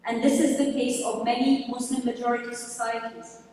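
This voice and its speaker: A woman giving an academic lecture, reading from a prepared text in a measured way, recorded from a distance in a large hall. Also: a little high, flat delivery, crowd noise. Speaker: university lecturer. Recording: echoey hall, distant mic, faint noise.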